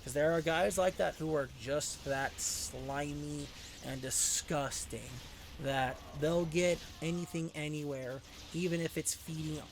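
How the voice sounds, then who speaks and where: A man's voice: on the high side, measured pace, creaky, noisy background. A man hosting his channel who tells a story casually over gameplay and keeps asking rhetorical questions. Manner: rhetorical questions, animated retelling. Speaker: channel host.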